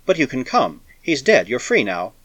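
A man's voice: mid-range voice, huge pitch swings, normal speed, fairly bright tone, no room sound. A man reading aloud and voicing a stubborn, rebellious young woman who pleads in a raised voice. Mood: pleading.

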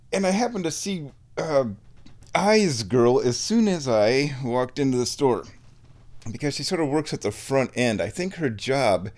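A man's voice: mid-range voice, a little mellow. A man vlogging at home, telling a meandering everyday story in a casual, chatty way while walking between rooms. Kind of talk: rambling casual vlog chat.

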